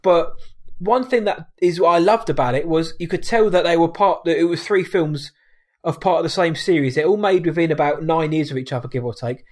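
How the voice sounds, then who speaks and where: A man's voice: a little high, brisk. A man co-hosting a film podcast, casual chat that rambles and corrects itself, often laughing.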